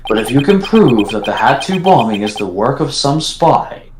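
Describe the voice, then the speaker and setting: Measured man reading game lines in an echoey room. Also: mid-range voice, sing-song, a crowd in the background. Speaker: player voicing game dialogue. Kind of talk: casual fan dub of game text.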